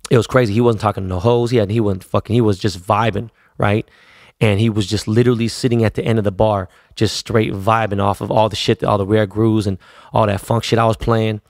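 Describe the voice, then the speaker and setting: A man's voice: lowish voice, gravelly, a little mellow, dry recording, studio quality. A middle-aged man from Los Angeles, a DJ, telling a story in a loose, profane, slang-heavy way. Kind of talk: casual storytelling.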